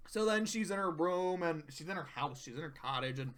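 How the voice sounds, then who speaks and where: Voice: mid-range voice, normal speed, hardly any pauses, sharp tone, clean tone. A cartoon episode reviewer giving casual, profane ranking commentary and acting out quoted lines from the episodes.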